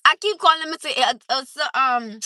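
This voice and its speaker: A woman chatting casually on a livestream from her car, laughing often as she tells animated stories. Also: sits high, fairly quick, no echo. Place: in a car at a drive-through.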